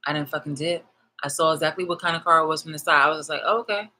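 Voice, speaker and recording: Woman ranting live on stream, swears a lot, keeps repeating herself, bright forceful voice. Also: low voice, level tone, racing, rough recording. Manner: profane and agitated, repeats phrases for emphasis. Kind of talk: live-streamed personal rant.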